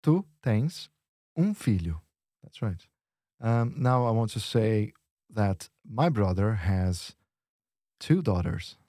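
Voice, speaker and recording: A man teaching on a lesson podcast, patiently modelling phrases slowly and encouraging the learner. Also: fairly low pitch, big pitch swings, mellow, no room sound, clean studio sound. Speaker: Portuguese teacher.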